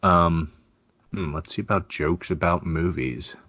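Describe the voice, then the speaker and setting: A man co-hosting a podcast in casual crude comedy chat, laughing often and joking in an animated way. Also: sits low, a little slow, no room sound, highs cut off. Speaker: podcast co-host.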